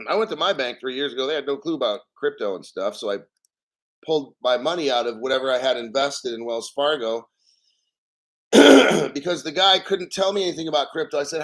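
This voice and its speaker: A man hosting a crypto channel, ranting bluntly and profanely about banks and the platform while reading out an article, often clearing his throat. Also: medium pitch, a little fast, fairly bright tone.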